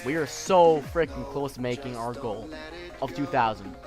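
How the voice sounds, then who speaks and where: A teenage boy from the United States, a gaming streamer, talking earnestly in halting let's play commentary with many restarts. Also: medium pitch, expressive, over music. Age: teens.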